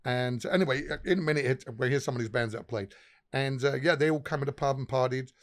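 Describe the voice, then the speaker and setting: A man's voice: medium pitch, quick pace. Foul-mouthed man telling pub stories. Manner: profane, rambling anecdotes with frequent restarts. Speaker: pub owner guest. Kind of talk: casual podcast storytelling.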